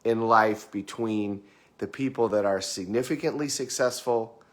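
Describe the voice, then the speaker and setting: Here a middle-aged man offers motivation in an easygoing, conversational manner, voicing his clients' words himself and often repeating words. He talks a little slowly, his voice on the low side.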